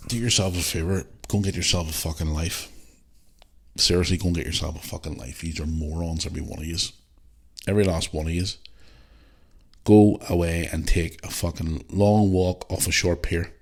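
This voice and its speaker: A Northern Irish podcast host goes off in a casual, blunt rant full of swearing and energy. His voice sits low with a darkish tone.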